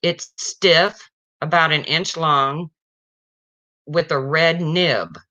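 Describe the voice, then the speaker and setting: A livestreamer doing a cheeky schoolboy's lines in a joke, eager and pitched a little higher. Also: steady tone, extremely slow, pushed and bright. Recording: dull slightly lo-fi stream audio.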